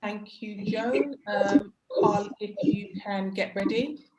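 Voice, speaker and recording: A woman's voice: medium pitch, a loud crowd, low-quality recording. A woman hosting a webinar over a video call, thanking speakers and moving things along with frequent ums. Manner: halting, with many ums. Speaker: webinar host. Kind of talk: moderating a panel.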